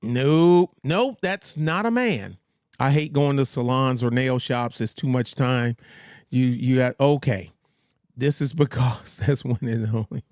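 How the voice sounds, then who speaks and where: Recorded at studio quality with no echo, a medium-pitched man hosts a casual livestream. He rambles, throws in blunt trash talk, and mocks others using put-on voices.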